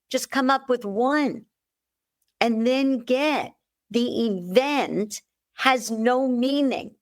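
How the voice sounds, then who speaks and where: Slow, plain-spoken woman coach. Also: fairly high pitch. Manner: direct and plain-spoken, repeats key phrases. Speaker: guest coach. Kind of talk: conversational interview.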